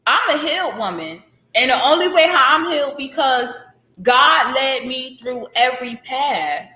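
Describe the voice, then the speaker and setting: A woman's voice: high voice, expressive, a little slow, sharp tone. A woman in her thirties, an author guest, speaking candidly and heartfelt about faith and healing, repeating phrases for emphasis. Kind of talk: candid interview conversation. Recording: echoey room.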